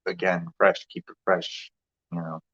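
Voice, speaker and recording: A man's voice: low-pitched, sing-song, a little slow, creaky, fairly bright tone, dull audio. A man hosting a casual livestream, rambling loosely with restarts and fillers as he greets viewers. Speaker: livestream host.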